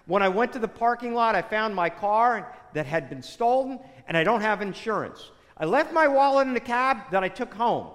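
A man's voice: sits high, expressive, normal speed, few pauses, fairly bright tone, big-room sound. A man voicing a defeated grown man at a bar, wearily listing his woes. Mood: despairing.

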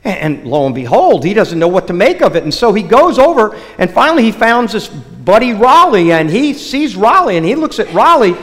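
A man's voice: sits high, a little fast, few pauses. Guy preaching in church, tells a joke first, stumbles and restarts a lot, big echoey hall. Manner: lively storytelling with many restarts. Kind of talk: sermon opening with a joke. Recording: long hall reverb.

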